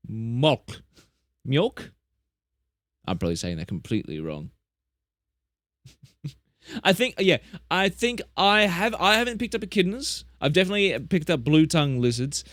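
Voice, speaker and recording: On a live stream, a young man with a somewhat high, sing-song, fairly bright voice chats at normal speed. The studio-quality audio has no room sound. He wanders through animal stories, correcting himself and exaggerating them into tall tales.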